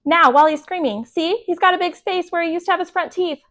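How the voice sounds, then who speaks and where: A woman's voice: very high voice, fast, a bit bright, voice pushed up. A woman reading aloud voicing a matter-of-fact schoolboy who explains things plainly.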